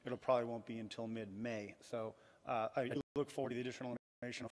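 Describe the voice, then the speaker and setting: Man, city councilor, matter-of-fact, flat delivery, echoing room. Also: medium pitch, quick pace. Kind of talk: council floor remarks. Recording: long reverb of a council chamber.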